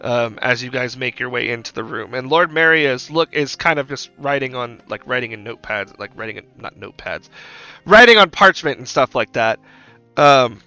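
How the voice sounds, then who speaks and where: A man's voice: medium pitch, expressive, moderate pace, bright, forceful tone, smooth, no echo. A man running a tabletop game as game master, narrating casually and ramblingly with lots of fillers and swearing. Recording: dull lo-fi with faint music.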